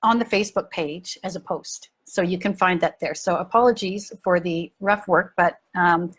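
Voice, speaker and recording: Woman, parenting coach, husky, frank, animated, repeats for emphasis. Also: lowish voice, moderate pace. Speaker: parenting coach and podcast host. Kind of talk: casual talk to listeners.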